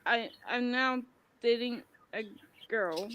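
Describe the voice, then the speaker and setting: A woman speaking in a hesitant, halting way during a casual livestream chat. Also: fairly high pitch, a bit bright, poor audio.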